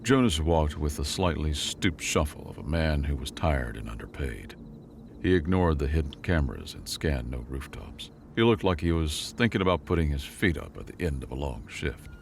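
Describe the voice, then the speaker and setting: Male narrator for a sci-fi audio story, very deep gravelly voice, measured reading, faint noise underneath. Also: big pitch swings.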